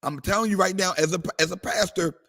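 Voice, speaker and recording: A man's voice: sits high, quick pace, bright, forceful tone. A man preaching a sermon with passion, slipping into sung phrases. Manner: impassioned, call-and-response preaching with sung phrases. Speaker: pastor. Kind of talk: preaching to a livestream audience.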